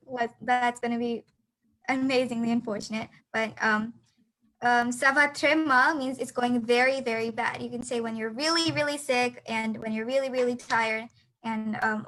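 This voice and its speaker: Teenage girl, high voice, bright tone, hesitant, lots of fillers, video call lesson. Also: low-quality recording. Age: teens. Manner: hesitant, many fillers and restarts. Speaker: student teacher. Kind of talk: online class lesson.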